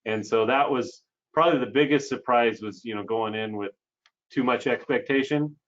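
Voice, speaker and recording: A man on a sheep ranch panel talking in a relaxed, rambling way with plenty of fillers, heard over a video call. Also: mid-range voice, normal speed. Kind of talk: casual panel talk. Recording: muffled video call audio.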